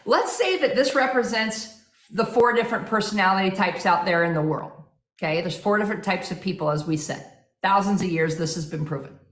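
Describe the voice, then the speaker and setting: A woman giving an energetic, persuasive sales training talk full of rhetorical questions, speaking to an audience. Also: mid-range voice, echoey room. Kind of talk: motivational seminar talk.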